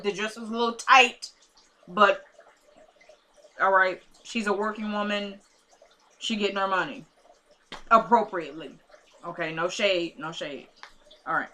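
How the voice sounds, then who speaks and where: Chatty woman vlogger recapping a drama episode, bright, sassy asides, middle pitch. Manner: chatty, sassy asides, retells scenes in quoted dialogue. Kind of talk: casual episode recap vlog.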